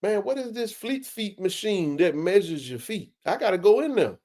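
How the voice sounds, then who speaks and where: A man hosts a live sports chat in a relaxed, slang-heavy way. His voice sits a bit high for a man, and he fills his talk with "man" and "bro.". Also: moderate pace. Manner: laid-back, slangy, says "man" and "bro" a lot. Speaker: livestream sports show host.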